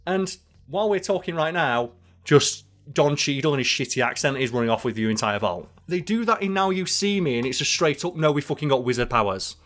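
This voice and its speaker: A man co-hosting a podcast, talking in an excitable, animated way and swearing freely in casual chat. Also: a little high, a little fast, faint music behind. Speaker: podcast co-host.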